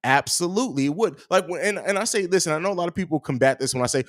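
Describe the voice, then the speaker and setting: A man's voice: high voice, quick pace, hardly any pauses. Slangy young man hosting a fan stream. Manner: slangy, animated, reads comments aloud. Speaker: host of a fan live stream. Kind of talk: casual live-stream chat.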